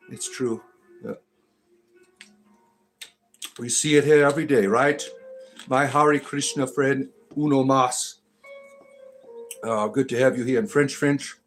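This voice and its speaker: A man's voice: mid-range voice, fairly even intonation, slow, pauses often, soft background music. A man hosting a casual live stream, rambling and joking as he greets viewers by name.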